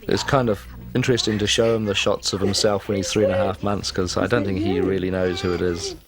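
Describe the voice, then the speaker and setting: A man's voice: deep voice, little pitch movement, fairly quick. A man, a film director, recounting behind-the-scenes stories in a wry, self-deprecating way. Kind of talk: making-of interview recollection.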